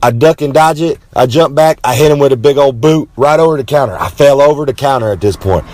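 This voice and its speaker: A brash man with a drawl spins a rambling comic tale. He swaggers through it with boastful asides and drawn-out dramatic pauses, talking about himself in the third person. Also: medium pitch, a little mellow, dry recording. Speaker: wrestler telling a story. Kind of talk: rambling comic storytelling monologue.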